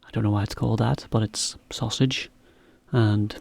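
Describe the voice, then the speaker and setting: A man teaching to learners, talking in a relaxed, chatty way with a laugh now and then. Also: lowish voice, moderate pace, vocal fry, no room sound. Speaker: English teacher. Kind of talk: slow, clear explanation for learners.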